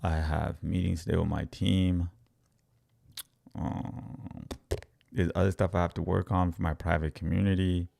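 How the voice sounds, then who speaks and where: Brief: young adult man, low gravelly voice, chatty live-stream trading host who keeps addressing viewers. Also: unhurried, pauses often. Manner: energetic, repeats himself, talks straight to viewers. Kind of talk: casual live-stream market commentary.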